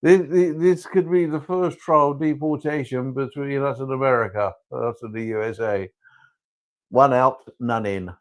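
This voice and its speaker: A man's voice: medium pitch, moderate pace, lightly acted. A man impersonating a stuffy, elderly British king who dismissively scolds his son. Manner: stuffy, dismissive, stammering repeats.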